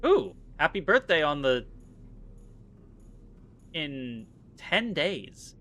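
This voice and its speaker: A man's voice: a little high, very animated, extremely slow, sharp tone. A man streaming a game live, chatting casually and playfully, often slipping into theatrical mock-rage rants. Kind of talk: casual live-stream commentary while playing.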